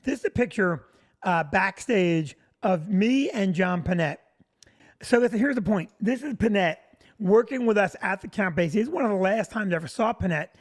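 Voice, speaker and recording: A woman of mid pitch tells a backstage story step by step as a comedian and producer. She lays out each detail in a steady, even way. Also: moderate pace. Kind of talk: anecdote on a talk show.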